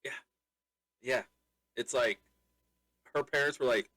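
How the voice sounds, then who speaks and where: Bright, dry-voiced joking man. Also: mid-range voice, slow pace, no room sound. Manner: joking, playful, puts on silly quoted voices. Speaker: podcast co-host. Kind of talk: casual banter.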